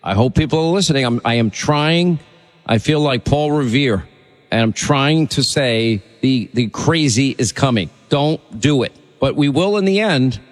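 A man's voice: medium pitch, in a large hall. A man hosting a talk radio show, speaking in an urgent and insistent way.

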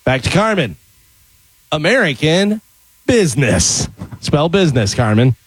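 A man's voice: fairly high pitch, unhurried, husky, dry recording. A man hosting a casual radio show, running a spelling quiz with jokes and laughs. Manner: jokey, lively quizmaster, laughs often.

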